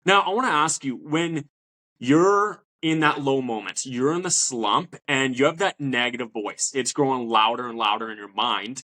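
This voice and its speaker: A man's voice: medium pitch, moderate pace, sharp tone. A man hosting a podcast, a mental performance coach who talks in a motivational, coaching way. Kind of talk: interview talk.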